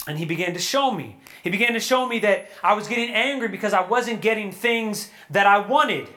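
A man preaching at a young adult retreat, earnest and animated, acting out prayers and quotes before a live audience. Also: sits high, fairly quick, few pauses. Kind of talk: sermon.

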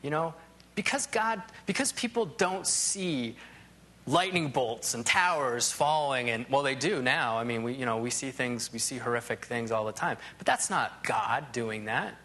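A man's voice: medium pitch, lively intonation, normal speed, bright, forceful tone. Rambling, conversational male Bible teacher. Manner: rambling, full of "you know" asides and restarts.

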